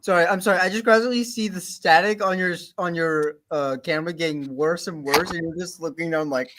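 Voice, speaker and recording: A man's voice: fairly high pitch, steady tone, fairly quick, background noise. A man on a video call chatting eagerly about robot combat, often restarting his sentences. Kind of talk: casual livestream chat.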